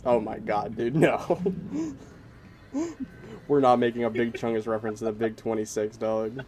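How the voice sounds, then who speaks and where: A man's voice: mid-range voice, fairly even intonation, moderate pace, a little mellow. A man streaming a game, bantering casually, swearing often and laughing at his own jokes.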